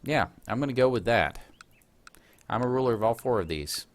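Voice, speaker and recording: A man's voice: mid-range voice, lively intonation, normal speed. Chatty man narrating his strategy game. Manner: chatty, self-deprecating, laughs at himself. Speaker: let's play host. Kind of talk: casual gameplay commentary.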